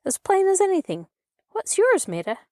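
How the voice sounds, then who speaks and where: Woman doing a bubbly, excitable little girl. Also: moderate pace, dry recording, clean studio sound, lightly acted. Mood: excited. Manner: excitable, high and lively.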